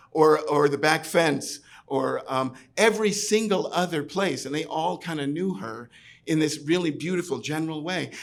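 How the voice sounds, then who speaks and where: Chatty New York storyteller with gravelly voice. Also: male voice, on the high side, fairly bright tone. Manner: chatty, full of fillers like "like" and "right". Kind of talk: live comic storytelling. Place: pub stage.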